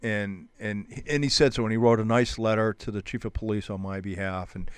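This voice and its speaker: A man, a police officer, telling an old traffic-stop story in a relaxed chat, restarting his sentences often. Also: lowish voice, brisk, clear, resonant tone, no echo. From New Hampshire, US. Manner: rambling, many restarts, animated retelling. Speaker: police officer guest on a show. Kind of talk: casual storytelling.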